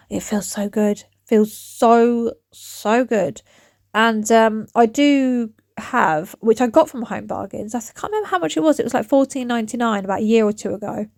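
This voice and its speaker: A woman's voice: on the high side, a little mellow, no room sound, clean studio sound. Chatty woman vlogging from her garden. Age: around 40. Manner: rambling, chatty, loses her thread. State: dry throat. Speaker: DIY vlogger. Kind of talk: chatty vlog talk to camera. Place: outdoors in her back garden. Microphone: phone camera.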